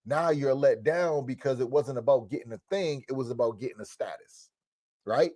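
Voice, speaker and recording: A man's voice: mid-range voice, moderate pace, darkish tone, no room sound. A man in his thirties giving a motivational lesson to young people, talking straight at them with street slang and tacking on "right?" again and again. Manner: repetitive, asks "right?" often; street slang, direct address. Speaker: coach.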